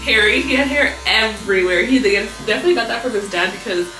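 A woman's voice: mid-range voice, fast talker, pushed and bright, faint music behind. A young woman chatting to camera at home for her family vlog, bubbly and talkative, laughing often and mixing in Spanish words. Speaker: family vlogger and mother. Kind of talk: casual vlog chat to camera.

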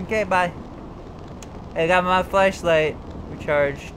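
A man's voice: sits high, measured pace, fairly bright tone, slight background noise. A man commenting on a video game as he plays, talking to himself, swearing and yelping when startled. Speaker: gameplay commentator. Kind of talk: let's play commentary.

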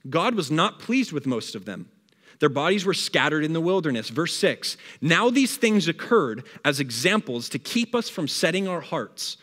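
A man preaching a sermon, reading scripture aloud and acting out a grumbler's complaints with lively energy. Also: medium pitch, in a large hall. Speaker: pastor. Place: church hall.

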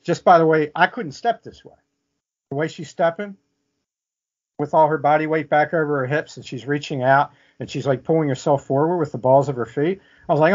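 A man's voice: fairly high pitch, fairly quick, darkish tone. A man telling a vivid story as an interview guest, often checking in with "okay?". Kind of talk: casual storytelling. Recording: muffled lo-fi audio.

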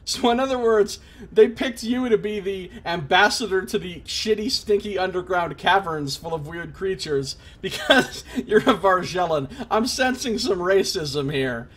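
A man's voice: high voice, lively intonation, measured pace, a bit bright. A man streaming a role-playing game, chatting casually with joking, self-deprecating asides. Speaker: let's play streamer.

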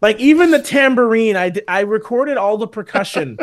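Brief: male podcast guest, notably high voice, easygoing, chuckles often. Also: normal speed. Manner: relaxed, laughs easily, loose storytelling. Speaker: guest musician. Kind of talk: casual podcast chat.

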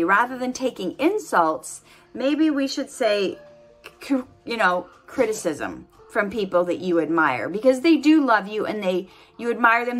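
A middle-aged woman at home giving earnest, animated motivational advice to camera, laughing easily. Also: fairly high pitch. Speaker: vlogger giving life advice. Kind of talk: casual motivational talk to camera.

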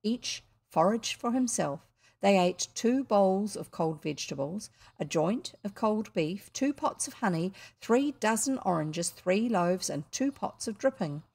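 A woman reads a children's classic aloud at an unhurried pace. She breaks off for chatty, amused asides between chapters, at an ordinary middle pitch. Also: lively intonation, vocal fry, darkish tone. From New Zealand. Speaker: reader.

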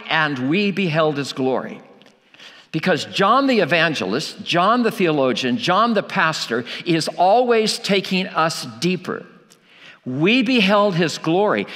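A man's voice: a little high, a bit bright, long reverb tail. A man preaching a sermon, emphatic, asking rhetorical questions and repeating key lines for weight. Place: church.

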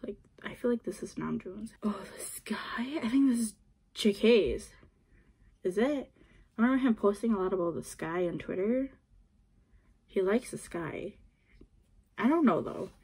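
A woman's voice: medium pitch, lively intonation, unhurried, gravelly, long pauses, dark tone, husky. A woman chatting casually as she unboxes an album, gushing and giggling and often dropping to a whisper, recorded on a phone. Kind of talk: casual chat to camera.

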